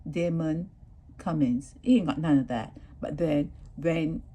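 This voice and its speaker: A woman hosts her own commentary vlog in a low, husky voice. She is animated and indignant, addressing her viewers directly as she picks apart a court case. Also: unhurried. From Barbados. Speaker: vlogger. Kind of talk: opinionated news commentary.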